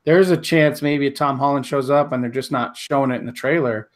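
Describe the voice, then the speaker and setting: A man's voice: medium pitch, a little fast. A man co-hosting a podcast in casual chat, blunt and profane with strong opinions. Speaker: podcast co-host.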